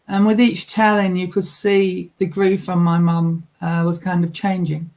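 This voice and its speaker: A woman's voice: fairly low pitch, little pitch movement, moderate pace, darkish tone. A woman, a guest psychic medium, recounting a personal memory in a heartfelt, reflective way on a radio interview. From England.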